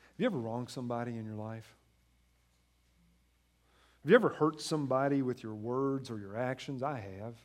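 A man in his thirties preaching a sermon, moving from quiet, low passages to loud, emphatic ones and acting out family dialogue. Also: normal speed, pauses often. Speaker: pastor.

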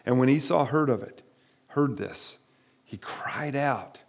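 A man's voice: medium pitch, animated, slow pace, vocal fry. A man preaching a sermon to his congregation, emphatic and direct, repeating his key phrases. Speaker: pastor.

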